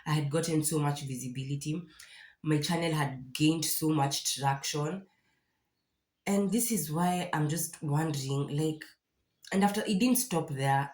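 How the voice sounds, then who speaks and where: A woman's voice: low-pitched, moderate pace, a little mellow. A young Kenyan woman vlogging candidly and emotionally, distressed and near tears, with many restarts. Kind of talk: casual confessional vlog. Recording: echoey room.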